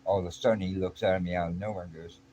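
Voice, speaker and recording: A middle-aged man tells a story from his own life in a casual, blunt, streetwise way. His voice sits very low, and his slangy speech is full of restarts. Steady background noise runs under the recording. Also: rapid-fire, muffled recording. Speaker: vlogger.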